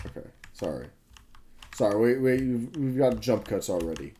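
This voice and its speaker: A man's voice: on the low side, animated, measured pace, dark tone, a little hiss or hum. A man in his twenties who has been up all night, chatting casually and a bit ramblingly over his gameplay, often correcting himself and swearing freely. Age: 20s. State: sleep-deprived, up all night. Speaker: gaming video creator.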